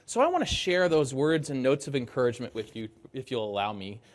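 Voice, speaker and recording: A man's voice: mid-range voice, very animated, fairly quick. A man from Arizona gives a conference presentation in an upbeat, joking, emphatic way. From Arizona, United States. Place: conference hall stage.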